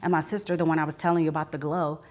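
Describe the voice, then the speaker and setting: Low-voiced woman giving earnest testimony. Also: level tone, rapid-fire, a little mellow. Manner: earnest, addresses the audience directly; swells into fervent preaching. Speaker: speaker sharing her testimony. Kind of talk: live personal testimony to an audience. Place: book signing event, live audience.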